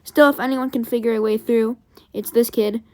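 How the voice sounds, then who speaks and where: A woman's voice: on the high side, fairly even intonation, normal speed, no room sound, natural voice. A woman reading a reflective old butler narrating. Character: older male butler, worried, reflective.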